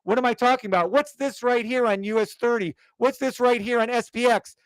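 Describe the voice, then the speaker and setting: A man's voice: extremely high pitch, steady tone, brisk, no echo. A man giving an insistent, fired-up sales rant on a live stream, repeating himself and swearing. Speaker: trading course seller.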